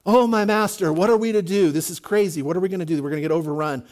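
A man's voice: high voice, quick pace, a little mellow, lightly acted. A man voicing a frightened young male servant in a sermon, panicked and exclaiming.

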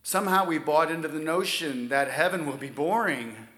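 A man preaching a sermon, stressing key words loudly and then dropping to near-whispers. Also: fairly high pitch, normal speed, echoey room. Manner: emphatic preaching, swings from loud stresses to soft near-whispers. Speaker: pastor.

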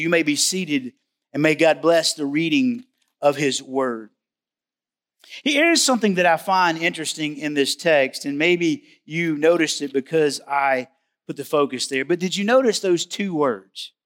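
High-pitched guy preaching at church, emphatic, repeats stuff for punch. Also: a bit bright. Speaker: pastor. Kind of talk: sermon. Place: church service.

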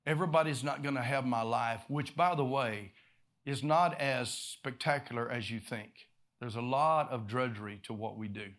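A man preaching a sermon, telling a story with bursts of laughter, repeated words, and swings from loud to hushed. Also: mid-range voice, moderate pace.

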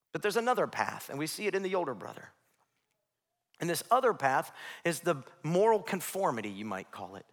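A man's voice: mid-range voice, very animated, fast. A man, preaching a sermon as pastor and building his points into emphatic, rising lists. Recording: long reverb of a large hall.

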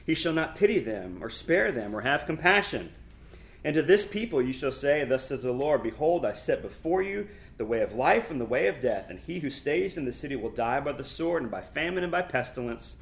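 A middle-aged man with a creaky, mid-range voice teaches a Bible lesson. As he reads scripture aloud, his delivery is emphatic and animated, with fast asides along the way.

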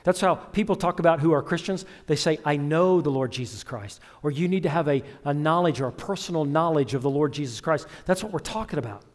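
Animated preaching man. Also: fairly high pitch, fairly quick, hardly any pauses. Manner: preaching with rising intensity and repetition. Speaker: pastor. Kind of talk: sermon.

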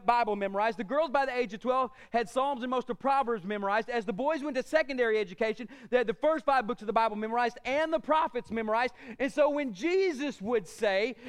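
A man preaching a sermon as pastor, quoting scripture with rising emphasis and calling for amens from the congregation. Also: extremely high pitch. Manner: calls out "amen" and "come on" to the congregation.

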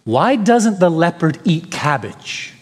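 A man's voice: fairly high pitch, sing-song, slow. A male pastor preaching a sermon, emphatic, with rhetorical questions and repetition. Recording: long hall reverb.

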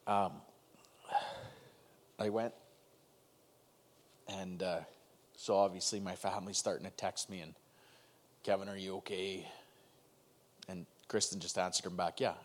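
Man in his thirties, very low voice, emotional first-person testimony on a video call with halting pauses. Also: fairly even intonation. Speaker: guest telling his story.

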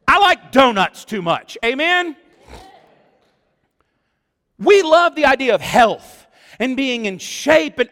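A man preaching a sermon as pastor, animated and exclamatory, acting out what people say. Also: very high voice, takes it slowly, long pauses. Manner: animated, exclamatory, acts out quotes. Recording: long church-hall reverb.

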